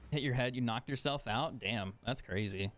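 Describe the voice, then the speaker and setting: A man's voice: mid-range voice, moderate pace, fairly bright tone. A man streaming a video game, chatting casually, swearing often and laughing at himself. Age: adult. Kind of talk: casual chat while gaming.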